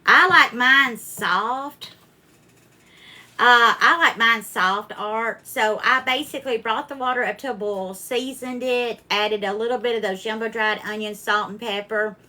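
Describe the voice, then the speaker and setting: Bright-voiced woman cooking live. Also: a little high. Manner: chatty, warmly greets viewers by name. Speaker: cooking livestream host. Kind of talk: casual live cooking chat. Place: home kitchen.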